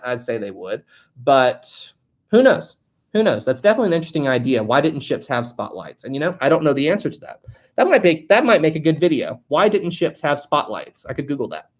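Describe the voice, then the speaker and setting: Live-stream host, casual chat, jokey, laughs often, reading out chat, middle pitch. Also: sing-song, brisk. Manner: chatty and jokey, laughs a lot; thinks aloud, with many fillers and restarts.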